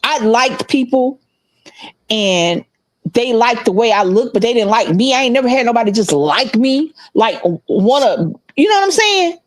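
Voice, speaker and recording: A middle-aged woman telling a story in casual chat, animated and laughing, acting out the other people's voices. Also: on the high side, normal speed, no echo. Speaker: podcast co-host.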